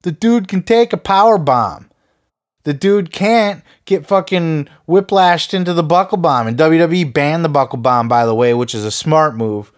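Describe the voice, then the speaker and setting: The podcast host's voice is a little high and his pace moderate as he rants with heat and plenty of profanity. Sarcastic mockery of his own listeners runs throughout.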